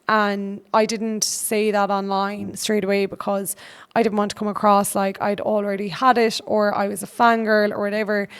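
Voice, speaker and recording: A woman's voice: mid-range voice, clean tone. An Irish woman hosting a podcast, telling a personal anecdote in a chatty, run-on way. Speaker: podcast host. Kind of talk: casual storytelling monologue.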